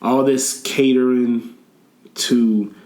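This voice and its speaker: A man's voice: mid-range voice, drawn-out words. Laughing man in an echoey room. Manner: laughs often, animated storytelling. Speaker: podcast guest. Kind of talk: casual chat.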